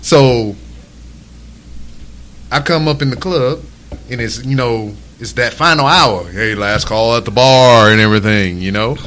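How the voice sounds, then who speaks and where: A man's voice: mid-range voice, measured pace, long pauses, a bit bright. Profane man in his forties. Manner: profane, laid-back storytelling. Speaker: podcast host. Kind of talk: casual chat.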